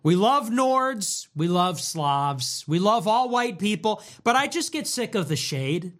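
A young man with a high, lively voice hosts a casual livestream. He riffs in a mocking, animated way and repeats phrases in quick bursts. His pitch swings widely as he goes. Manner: animated, mocking, riffing in rapid repetitions. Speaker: livestream host.

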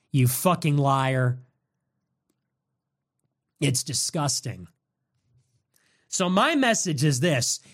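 A man hosting a political show, delivering an angry, combative monologue. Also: sits high.

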